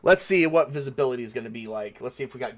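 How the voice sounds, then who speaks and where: A man's voice: mid-range voice, rapid-fire, a crowd in the background. A man running a tabletop game as game master, talking loosely with many fillers and restarts.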